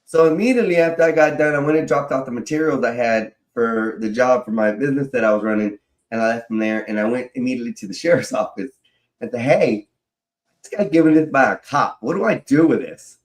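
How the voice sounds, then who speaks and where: A man's voice: mid-range voice, fast talker. A man telling a long personal story in a casual way, swearing freely and laughing as he goes. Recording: roomy echo.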